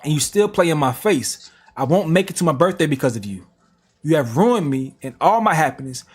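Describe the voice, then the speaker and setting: A man's voice: fairly high pitch, very animated, brisk, husky. A man reading text messages aloud on a reaction stream, with slangy asides. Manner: plain reading broken by slang asides and laughs.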